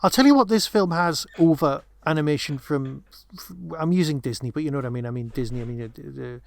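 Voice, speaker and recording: A man's voice: on the high side, brisk, vocal fry. A man co-hosting a podcast, chatting casually about a film, rambling with many restarts and asides. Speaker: podcast co-host.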